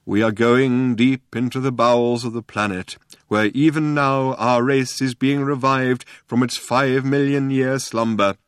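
A man voicing a weary, gentle old male alien planet-builder who speaks slowly and gravely. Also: medium pitch, fairly even intonation, no echo, studio quality, voice pushed up, close to an everyday voice. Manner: slow, grave, wistful.

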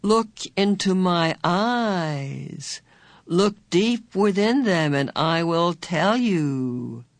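A narrator voicing a bland, sinister man on a chair who talks in a slow, smooth, patronizing way. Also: mid-range voice, lively intonation, no echo. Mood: probing. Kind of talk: audiobook character voice.

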